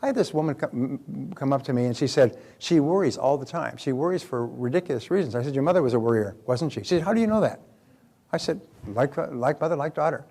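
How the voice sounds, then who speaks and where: A man's voice: mid-range voice, quick pace, hardly any pauses, dark tone. An older man, a motivational speaker, lecturing in an emphatic, repetitive way and telling anecdotes with acted-out quotes.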